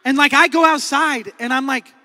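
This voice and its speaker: Oklahoman pastor guy telling a funny story in a sermon, high bright voice, long echo of a big hall. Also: moderate pace. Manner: animated, acts out quotes, laughs often. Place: large church hall.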